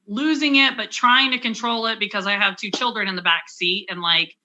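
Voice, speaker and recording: A young woman speaks as an interview guest, telling her own story in a candid, conversational way. Her voice is very bright and clear, and her pitch sits in a middle range. She talks casually, with plenty of fillers and restarts. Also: fairly even intonation, brisk, dull audio, slight background noise. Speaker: interview guest, cancer survivor.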